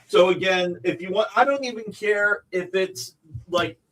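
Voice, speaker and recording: A man talking through prices and payment options on a casual live stream, circling back over the same terms as he goes. His voice sits a little high for a man. He sounds like a seller walking buyers through a deal. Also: unhurried, fairly bright tone, low-quality recording. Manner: businesslike, rambling explanations of payment terms. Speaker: comics publisher selling original art.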